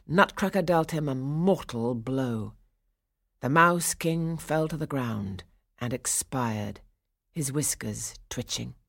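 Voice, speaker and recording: A woman reads a storybook aloud with an expressive, dramatic delivery. Her voice sits low with a husky grain, and it drops to a hush in the quiet passages. The recording is dry and close. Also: dry recording. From England. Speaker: audiobook narrator. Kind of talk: storybook narration.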